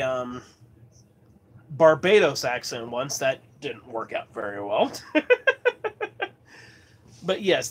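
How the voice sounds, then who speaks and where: A man's voice: a little high, a bit bright, a little hiss or hum. A man from Colorado chatting casually as host of his livestream, rambling and laughing often. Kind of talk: casual chat.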